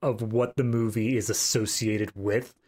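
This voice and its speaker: A man's voice: on the low side, steady tone, a little slow, darkish tone. Dry, sarcastic podcast man. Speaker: podcast co-host. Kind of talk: casual movie review chat.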